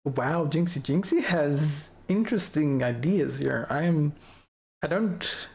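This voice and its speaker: A young adult livestreamer shows off an avatar model while chatting casually with viewers, giggling a lot and rambling from thought to thought. The mid-range voice is gravelly and a little mellow, with lively intonation and a slow pace.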